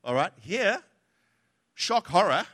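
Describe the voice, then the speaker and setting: Male preacher, bright and somewhat high voice, chatty and joking with the crowd. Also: big pitch swings, takes it slowly, slightly rough. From from outside Australia. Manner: conversational, humorous, asks the audience questions. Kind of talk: sermon.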